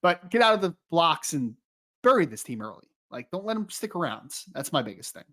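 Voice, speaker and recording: A young man co-hosts a live-streamed podcast, chatting casually, rambling, joking, and getting easily sidetracked. His voice is a little high and a bit bright, very animated and brisk.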